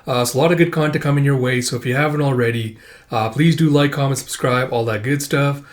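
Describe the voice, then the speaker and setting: A fast-talking man with a medium-pitched voice runs a comic read-through channel, offering relaxed, meandering commentary as he reads. Fillers abound, along with a little casual profanity.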